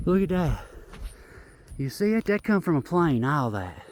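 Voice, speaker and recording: A man talking outdoors into a handheld phone, excitedly and insistently pointing things out as he walks up a hill. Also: fairly high pitch, unhurried. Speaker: vlogger. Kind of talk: casual filmed commentary.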